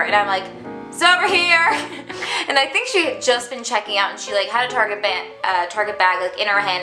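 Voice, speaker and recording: A young adult woman telling a casual storytime vlog in a dramatic, chatty way, full of "like". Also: mid-range voice. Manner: dramatic, chatty, heavy use of "like". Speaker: vlogger. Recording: echoey room with background music.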